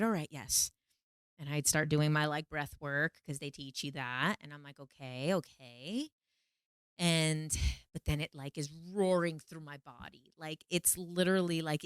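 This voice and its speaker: A woman vlogger telling a personal story to camera in a casual, animated, emphatic way. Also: on the low side, clear, resonant tone, dry recording, studio quality. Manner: animated, emphatic, repeats phrases for effect.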